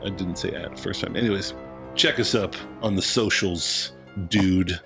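A man's voice: sits low, unhurried, vocal fry, a bit bright, soft background music. A man co-hosting a casual film podcast, jokey and stumbling over his sign-off lines. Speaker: podcast co-host.

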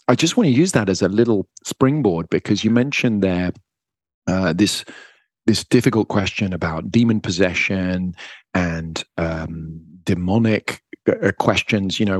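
A man hosting a podcast interview, asking measured questions with some hesitation and fillers. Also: fairly low pitch, dry recording, studio quality. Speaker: podcast host.

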